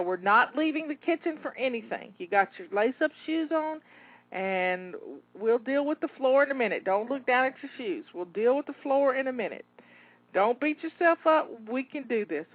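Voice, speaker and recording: A woman's voice: high voice, no echo. Upbeat woman coaching, phone-line sound. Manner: encouraging, pep-talk cheerleading with repeated rallying phrases. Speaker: host, cleaning coach. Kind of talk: live coaching through timed cleaning tasks. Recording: phone-like narrow dry sound.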